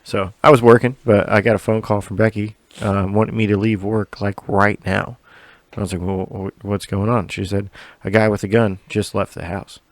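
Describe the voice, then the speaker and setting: A man with a fairly low voice tells a long, meandering story on a podcast, with swearing scattered through it. The sound is dry and close, with no room around it. It is casual talk between friends. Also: level tone, normal speed, few pauses, no room sound. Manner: profane, rambling, laughs a lot. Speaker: podcast co-host.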